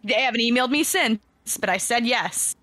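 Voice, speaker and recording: A woman actor with a fairly high, bright voice, chatting about her work with lots of "like" fillers. She is recorded close and dry, with no room sound. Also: fairly quick, dry recording. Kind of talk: casual chat.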